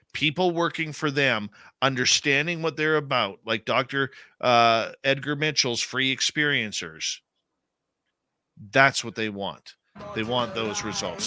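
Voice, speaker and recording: A man's voice: mid-range voice, sharp tone. A man hosting a late-night radio show, talking with passion and stressing his points with a repeated "okay?".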